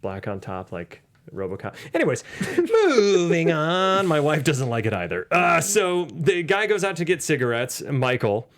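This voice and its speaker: A man co-hosting a casual movie podcast, joking and swearing as he recaps scenes. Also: on the high side. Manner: animated, swearing, quick asides. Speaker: podcast co-host.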